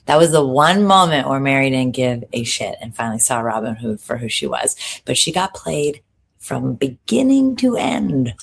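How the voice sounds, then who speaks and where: Very low-voiced woman podcast co-host. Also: gravelly, breathy edge. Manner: animated, swearing, quick asides. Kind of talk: casual pop culture recap.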